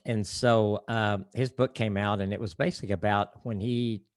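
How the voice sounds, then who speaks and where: A man's voice: on the low side, steady tone, normal speed, no echo. An older man, a marriage counselor, talking earnestly and reflectively in a casual podcast interview, often restarting his thoughts.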